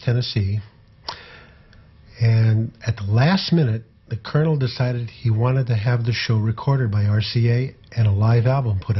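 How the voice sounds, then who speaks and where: Husky-voiced older man telling old stories. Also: medium pitch, muffled recording. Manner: unhurried, rambling recollection with frequent fillers. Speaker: tour photographer recalling memories. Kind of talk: conversational anecdotal storytelling.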